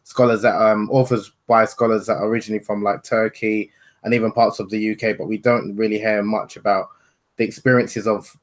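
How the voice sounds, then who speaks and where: A man from Nigeria, an author talking as a guest over a video call, relaxed, conversational and frank. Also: on the low side, brisk. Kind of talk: casual video interview chat.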